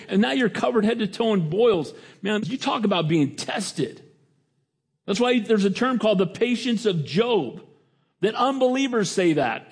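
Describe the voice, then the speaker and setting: A middle-aged man preaching a sermon as pastor, his voice jumping up in pitch for emphasis and then dropping to a quiet, low tone. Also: breathy edge. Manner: preaching with sudden pitch jumps and quiet drops.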